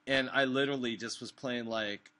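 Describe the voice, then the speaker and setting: A man hosting a casual chat, telling rambling, animated stories full of cursing. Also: medium pitch, moderate pace, over a noisy crowd. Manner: rambling, animated storytelling with profanity. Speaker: host. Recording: recorded live on an online stream.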